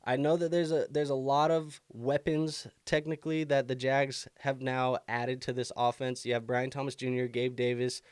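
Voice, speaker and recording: A man's voice: medium pitch, level tone, moderate pace, few pauses, clean tone, dry recording, studio quality. A young man hosting a live fantasy football stream, answering viewer questions casually with lots of fillers, bothered by the hiccups. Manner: casual, thinking aloud with many fillers. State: has the hiccups.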